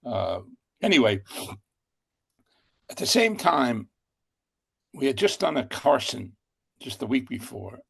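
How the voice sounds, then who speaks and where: Gravelly older man spinning a yarn. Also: mid-range voice, very animated, takes it slowly, pauses often, a bit bright. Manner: rambling, with many fillers and self-corrections. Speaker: guest. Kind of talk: casual anecdote telling.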